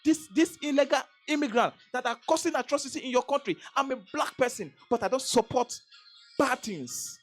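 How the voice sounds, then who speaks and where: A woman's voice: high voice, normal speed, faint music behind. A Nigerian woman vlogger giving an emphatic political commentary, repeating phrases and restarting sentences as she presses her points. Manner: emphatic, repetitive, stammering restarts.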